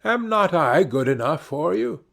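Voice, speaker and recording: A man's voice: a little high, big pitch swings, a little slow, vocal fry, a bit bright, pitched above the performer's own voice, full character voice. A man doing a blunt travelling fiddler.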